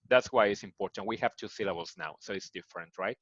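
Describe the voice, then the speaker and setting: A man from Mexico with a Mexican Spanish accent, teaching an online English lesson and patiently repeating words slowly to model their pronunciation. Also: on the low side, huge pitch swings, dry recording, dull audio. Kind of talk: recorded online grammar lesson.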